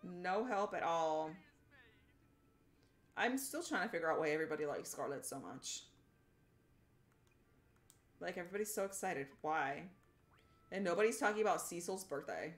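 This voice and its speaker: A young woman chatting live while she plays a game, bubbly and quick to giggle. Her pitch swings widely as she greets viewers and gushes about characters. It is a relaxed, casual streaming voice. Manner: bubbly, giggly and animated, greeting chat by name.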